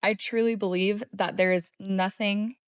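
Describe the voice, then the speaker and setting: A woman's voice: medium pitch, steady tone, unhurried, clear, resonant tone, no echo, clean studio sound. A woman appearing as a guest on a podcast and chatting casually, eager and upbeat. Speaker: podcast guest, executive assistant.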